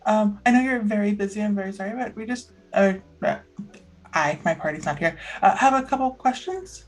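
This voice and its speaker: A woman's voice: medium pitch, a little fast, faint music behind. A woman player speaking in character in a tabletop game, hesitant and polite.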